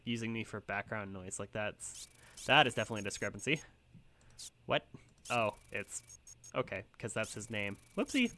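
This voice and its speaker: A man with a fairly bright, mid-range voice hosts a gaming channel, chatting casually over gameplay. He rambles and pokes fun at himself, filling his speech with ums and likes.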